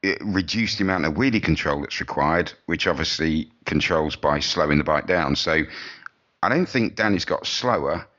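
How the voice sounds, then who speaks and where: A man's voice: very deep voice, lively intonation, moderate pace, pushed and bright, highs cut off. A man co-hosting a podcast who talks about motorbike racing in a rambling, chatty way, often restarting his sentences. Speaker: podcast co-host. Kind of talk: casual motorsport chat.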